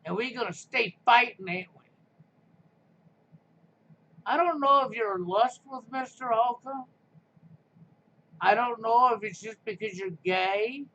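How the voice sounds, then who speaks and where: Sarcastic high-voiced man ranting on stream. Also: measured pace, long pauses, sharp tone. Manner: combative, sarcastic, preachy. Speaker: live stream host. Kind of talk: ranting live stream monologue. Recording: muffled lo-fi stream audio with faint noise.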